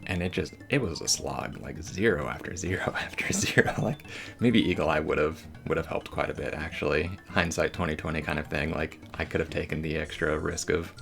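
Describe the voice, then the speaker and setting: A man's voice: very deep voice, normal speed, vocal fry, fairly bright tone, faint music behind. A man giving casual, rambling gameplay commentary as a voice-over, slangy and joking.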